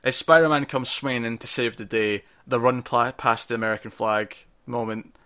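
A man co-hosting a casual film discussion, animated and jumping in often, stumbling over his words as he talks. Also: medium pitch, normal speed.

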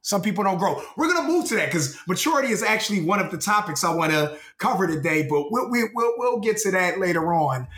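Bright-voiced profane man in an echoey room. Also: high-pitched, fast talker, few pauses. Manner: profane, animated, repeats words. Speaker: podcast co-host. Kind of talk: casual chat.

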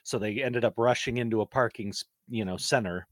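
A man co-hosting a podcast, telling stories in a casual, animated way. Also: fairly low pitch, fairly quick, dry recording. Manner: animated, laughing storytelling. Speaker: podcast co-host. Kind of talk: casual chat.

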